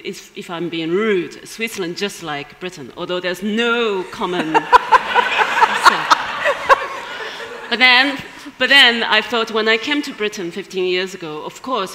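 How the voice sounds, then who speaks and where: A woman's voice: medium pitch, heavy background noise. A woman from China with a Chinese accent, answering questions as a guest writer in an onstage interview, thoughtful and given to small laughs. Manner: thoughtful, laughs between phrases. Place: large hall at a live event. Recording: hall reverb from a live stage.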